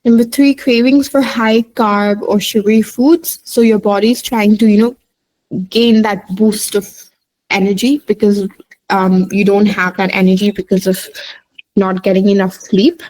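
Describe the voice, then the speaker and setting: Woman psychologist, warm mellow tone, informal explainer, filler-heavy delivery. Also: mid-range voice, flat delivery, measured pace, poor audio. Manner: many fillers, lists points with "right?".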